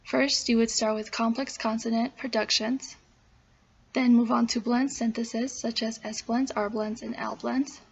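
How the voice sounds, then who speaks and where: A woman reads a class presentation aloud, listing one step after another in a fairly high, flat voice with a gravelly fry. The recording sounds dull and lo-fi. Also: a little slow. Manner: steady, listing steps in order. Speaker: student presenter.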